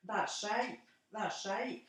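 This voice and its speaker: A woman's voice: medium pitch, lively intonation, very slow, heavy reverb, recorded from a distance. A middle-aged woman with a Scottish accent, chatting casually on the phone at home and laughing often.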